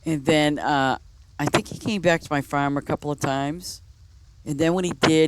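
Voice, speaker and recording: A woman's voice: sits low, fairly even intonation, normal speed, background noise. A woman game streamer chatting casually and telling rambling stories, full of "you know" and restarts. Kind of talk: casual storytelling chat.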